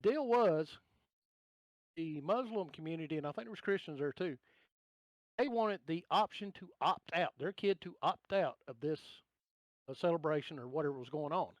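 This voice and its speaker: A man's voice: a little high, lively intonation, normal speed, dry recording, lo-fi sound. A man with a Southern US drawl, a podcast guest in casual chat, ranting bluntly and joking along. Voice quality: drawling, gravelly-toned.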